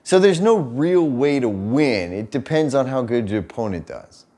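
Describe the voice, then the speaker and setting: A man's voice: medium pitch, normal speed. A young man casually telling a story to camera, laughing often, swearing freely and acting out what people said. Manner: swears freely, laughs often, animated retelling with quoted voices. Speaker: vlogger telling a story about his partner.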